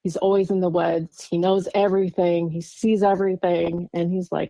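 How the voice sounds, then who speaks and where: A woman's voice: on the low side, steady tone, moderate pace, creaky, mellow, dry recording. A woman from Oregon, a guest on an interview podcast, recounting a personal encounter in a rambling way with lots of fillers and nervous laughs. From Oregon, USA. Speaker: guest witness.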